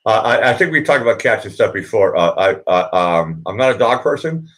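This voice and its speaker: A man's voice: mid-range voice, big pitch swings, a little fast. A man hosting a live stream show, chatting casually with lots of fillers and jokes. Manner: rambling, jokey, lots of fillers. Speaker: show host.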